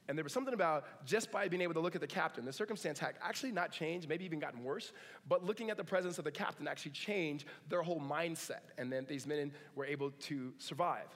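A man's voice: on the high side, quick pace. Chatty male pastor in a reverberant hall. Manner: conversational, humorous asides. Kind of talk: sermon.

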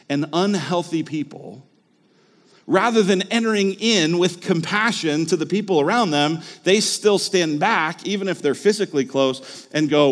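A man's voice: high-pitched, in a large hall. A man preaching a sermon as a pastor, talking in a conversational way and asking the listeners rhetorical questions.

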